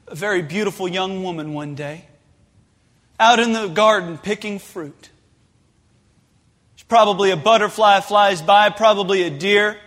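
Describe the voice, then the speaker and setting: A man preaching a sermon, passionate and rising to shouted pleas. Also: high voice. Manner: impassioned, builds to shouted pleas. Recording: long hall reverb.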